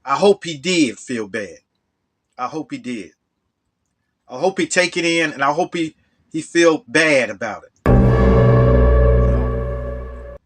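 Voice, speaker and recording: A man telling a true story from his own life in a loose, casual way. His voice sits fairly high for a man and leaps higher when he gets worked up. He repeats words as he talks. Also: animated, takes it slowly, long pauses, a bit bright, soft background music.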